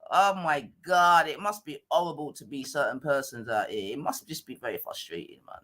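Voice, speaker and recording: A woman's voice: deep voice, a little fast, few pauses, fairly bright tone. A woman with a London accent hosting a live stream, mocking and swearing at a caller in a heated argument.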